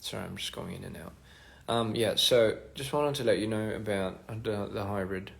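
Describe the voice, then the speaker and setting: A man's voice: on the low side, normal speed, gravelly. A man chatting casually on a phone livestream, reading fan comments and rambling as he trails off between thoughts. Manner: rambling, trails off, soft-spoken asides.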